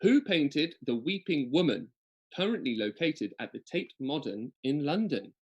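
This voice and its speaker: A man co-hosting an online quiz in a playful, chatty way, reading the questions slowly. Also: a little high, sing-song, husky, muffled recording. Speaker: quiz co-host.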